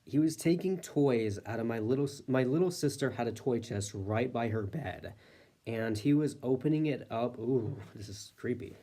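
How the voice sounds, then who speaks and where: Mellow man rambling through a story. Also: mid-range voice, animated, normal speed. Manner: rambling, filler-heavy, lots of "like". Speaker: storyteller host. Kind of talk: casual personal storytelling.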